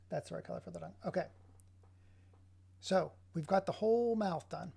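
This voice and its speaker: A man's voice: sits high, normal speed, creaky, long pauses, warm tone, breathy edge. A man casually commenting on his digital art work, drifting into sarcastic, rambling rants. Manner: rambling, sarcastic ranting asides. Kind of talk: casual running commentary while working.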